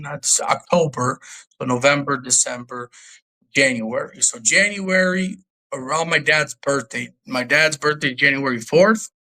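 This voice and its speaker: A young man from Albania telling his life story as a guest in a casual interview, animated and swearing, acting out the people he quotes. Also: fairly high pitch, rough recording.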